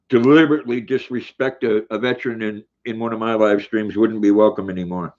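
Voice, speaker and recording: A man's voice: on the low side, fairly even intonation, a little fast, few pauses, a little mellow. An older man hosting a casual livestream, reading viewers' comments aloud in a folksy way while eating. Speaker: livestream host. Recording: dull lo-fi stream audio.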